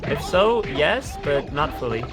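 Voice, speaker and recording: A man's voice: fairly high pitch, big pitch swings, unhurried, music in the background. A man on a live stream, chatting casually and giving opinions at length about game lore. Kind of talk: casual chat.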